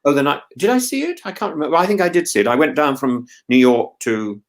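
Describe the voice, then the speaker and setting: A man's voice: a little high, animated, quick pace. A British man hosting a podcast, telling rambling, wry anecdotes in a casual chat. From Britain. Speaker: podcast host.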